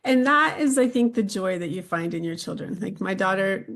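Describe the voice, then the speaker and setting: Middle-aged woman podcast host, mid-range voice, relaxed rambling storyteller. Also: medium pitch, moderate pace. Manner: relaxed, rambling anecdotes with laughs. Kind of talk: casual chat.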